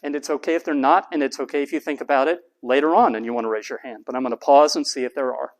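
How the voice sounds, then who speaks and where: A middle-aged man from Texas, a college professor giving a lively classroom lecture and stressing his points by repeating words. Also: mid-range voice, fast talker.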